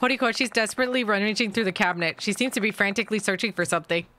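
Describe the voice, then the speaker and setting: A woman's voice: mid-range voice, racing, sharp tone, slight background noise. A woman streamer narrating a story game and chatting about her choices as she plays. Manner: chatty, reacts aloud while reading narration. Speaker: gaming streamer. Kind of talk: let's play commentary and reading.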